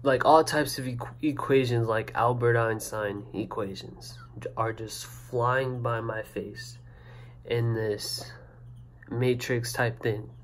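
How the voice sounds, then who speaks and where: A young man telling a story to camera in a casual, excited, rambling way, full of "like" and "you know", recorded on a camera mic indoors. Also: medium pitch, takes it slowly, slight background noise. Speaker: vlogger.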